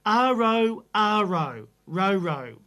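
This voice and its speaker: A woman's voice: mid-range voice, sing-song, very slow, a bit bright. A woman hosting a radio oldies show, chatting unhurriedly and musing aloud over music trivia. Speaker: radio host. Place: radio studio.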